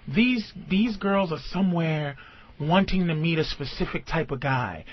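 A man hosting a casual radio talk show, ranting loudly and argumentatively, with heavy profanity. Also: a little high, lively intonation, a little slow, crowd noise. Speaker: host. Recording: dull lo-fi radio recording.

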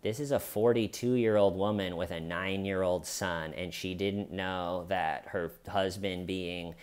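Guy doing chatty true crime commentary, animated, wry dark humor. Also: low voice, unhurried, clear, resonant tone. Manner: animated, conversational, slips into quoting people. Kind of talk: casual video commentary.

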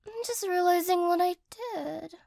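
A woman voicing a sleepy, apologetic cat-girl girlfriend in a whispered role-play, speaking softly and hesitantly close to the mic. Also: very high voice, fairly even intonation, moderate pace, creaky, no echo. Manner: soft, gentle, hesitant and apologetic. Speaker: ASMR role-play artist.

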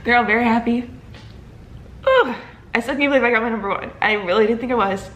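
A young woman in her twenties, a medical student, talking casually to camera with lots of fillers and excited exclamations. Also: on the high side, fast. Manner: excited and emotional, many fillers like "like" and "oh my God".

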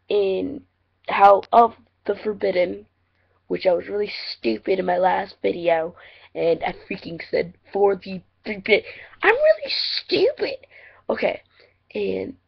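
A woman's voice: medium pitch, fairly even intonation, takes it slowly, vocal fry, long pauses, husky. A teenage girl rambling in a giggly, self-deprecating way as she introduces her voice audition, recorded on a muffled lo-fi home mic. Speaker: voice acting auditioner. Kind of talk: casual audition vlog.

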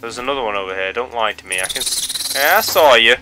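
A young man hosting a gaming channel talks fast in a mid-range voice, giving let's play commentary over soft background music. He's excitable, yelping and pleading with the game as he plays.

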